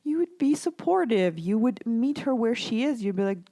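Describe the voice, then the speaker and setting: Woman coach talking to moms, mellow warm voice, dry close sound, keeps asking right? okay?. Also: on the high side, animated, normal speed, few pauses, dry recording. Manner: conversational, repeatedly checks in with "right?" and "okay?"; supportive, reassuring. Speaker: parenting coach and podcast host. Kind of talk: podcast coaching monologue.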